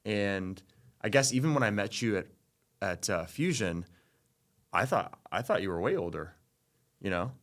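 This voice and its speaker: An enthusiastic man co-hosting a podcast, speaking with a low voice in a relaxed, chatty way. He keeps adding little "you know" tags as he goes. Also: normal speed, long pauses. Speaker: podcast co-host. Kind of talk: casual chat.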